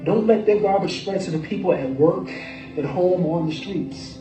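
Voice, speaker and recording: Man as an unhurried, friendly driver, preachy, higher voice, played-back clip with loud music. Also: reverberant, recorded from a distance, lightly acted, poor audio. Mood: wise. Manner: easygoing, preachy. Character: calm, friendly male driver giving life advice.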